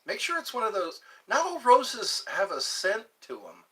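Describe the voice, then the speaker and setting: A man's voice: sits high, wildly swooping pitch, moderate pace, sharp tone, far from the mic, low-quality recording. A man hosting his own channel, musing aloud in a meandering livestream chat and trying out pickup lines. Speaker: channel host.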